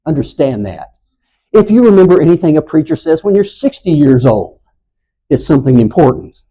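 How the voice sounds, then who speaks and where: A man's voice: fairly high pitch, normal speed, slightly rough, poor audio. Sixty-something man teaching a Bible class. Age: 60s. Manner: storytelling, rises loud and animated when acting out quotes. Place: church classroom.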